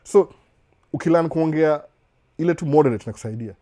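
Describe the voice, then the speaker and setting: A man's voice: mid-range voice, quick pace, dark tone. A man from Kenya with a Kenyan accent, chatting casually in a live Q&A from his home den, often restarting words and checking in with his listeners. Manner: chatty, repeats and restarts, asks "unaona?". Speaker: live-stream host. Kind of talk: casual live Q&A chat, code-switching. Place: indoor home den with a couch.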